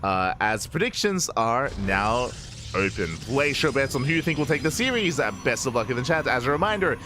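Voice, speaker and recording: A man's voice: mid-range voice, expressive, pushed and bright, slight background noise. Upbeat male esports caster. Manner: upbeat, playful asides, quick self-corrections. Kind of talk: live game commentary.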